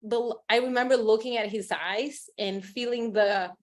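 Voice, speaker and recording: A woman's voice: on the high side, fairly even intonation, moderate pace. A woman hosting a podcast as a coach, talking in an effusive, rambling way full of fillers. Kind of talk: casual podcast chat.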